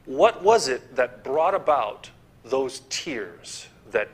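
A man's voice: mid-range voice, sing-song, slow pace, breathy edge. A man preaching a sermon in a church, posing rhetorical questions, repeating key phrases and restarting words.

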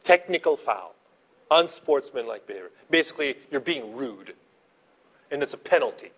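Animated and at a moderate pace, a pastor delivers his sermon in a medium-pitched voice with a breathy edge. He moves back and forth between quiet asides and loud, emphatic moments.

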